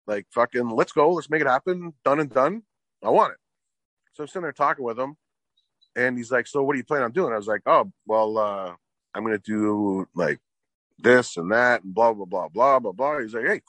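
A man's voice: medium pitch, a bit bright, no room sound. A man telling a long car story in casual chat, swearing often and filling with "like". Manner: profane, rambling, fillers like "like".

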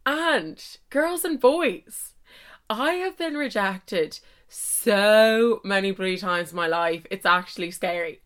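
A woman's voice: mid-range voice, a bit bright, clear, resonant tone. A young adult woman hosting her own podcast, chatting casually and mocking herself, with frequent mild swearing. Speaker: podcast host. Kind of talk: casual solo podcast chat.

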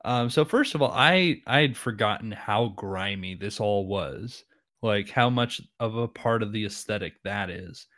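A man's voice: lowish voice, expressive, a little slow, a bit bright, no room sound, studio quality. A man casually discussing a horror film, retelling scenes with lots of fillers.

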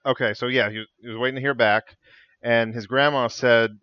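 A man's voice: mid-range voice, fairly even intonation, brisk, bright, forceful tone, no room sound, dull audio. A man on a podcast panel, telling a story in casual chat.

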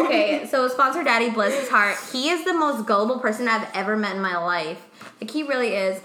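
A woman's voice: fairly high pitch, fast, sharp tone, reverberant, slight background noise. A woman co-hosting a podcast, chatting casually, swearing a lot and trailing off into fillers. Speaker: podcast co-host. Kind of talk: casual chat.

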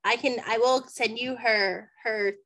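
This woman has a fairly high pitch and a measured pace. She's an animated podcast guest recounting a personal story casually, acting out what people said and leaning heavily on "like" as a filler.

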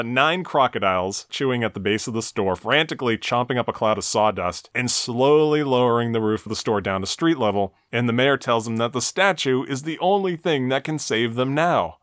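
A man's voice: medium pitch, a bit bright, no room sound. A man co-hosting a podcast, walking through a cartoon episode beat by beat with dry, mocking asides. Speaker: podcast co-host. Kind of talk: casual recap of a cartoon episode.

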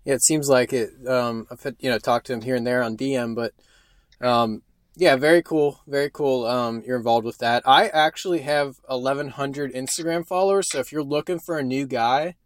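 A man's voice: mid-range voice, moderate pace, dry recording, studio quality. Easygoing male podcast host. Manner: easygoing, joking, many ums. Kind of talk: casual podcast chat.

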